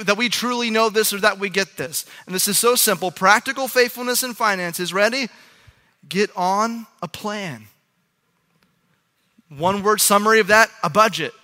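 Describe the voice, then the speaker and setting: A man with a high, very bright and forceful voice, preaching in a loose, conversational way and often tossing quick asides to his listeners. His sermon rings out with a long reverb, as in a large church hall. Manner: conversational, frequent "right?" asides to the audience. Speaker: pastor.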